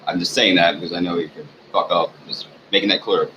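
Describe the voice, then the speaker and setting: A man ranting in a rambling, profane monologue for his channel, halting often with fillers. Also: low voice, steady tone. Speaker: channel owner. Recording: dull lo-fi recording with faint hiss.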